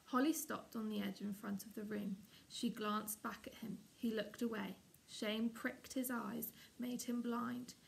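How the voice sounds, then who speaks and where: A woman, a teacher, reading a children's chapter book aloud in a steady, expressive way. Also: fairly high pitch, a little slow, vocal fry, few pauses, slight background noise. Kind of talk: storybook read-aloud.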